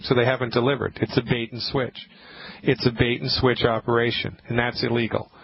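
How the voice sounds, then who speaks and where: A man hosting a call-in radio program in an emphatic, repetitive ranting style. His voice sits at an ordinary middle pitch for a man. It comes through with the slightly dull, narrowed sound of a radio broadcast. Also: little pitch movement, a little fast, vocal fry, a little hiss or hum. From Nantucket, USA. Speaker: radio talk show host.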